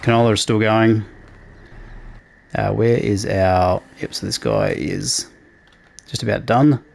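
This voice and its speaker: A man hosting a casual let's play, relaxed and talking through each task as he plays. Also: fairly low pitch, slow pace, creaky. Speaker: gaming channel host.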